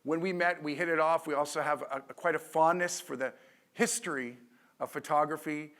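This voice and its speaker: A male MC introduces a speaker on an expo stage. His slightly higher voice is eager and he often stops to restart his sentences. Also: fairly even intonation, fairly bright tone. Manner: enthusiastic, halting with restarts. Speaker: MC of the presentation room. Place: expo stage before an audience.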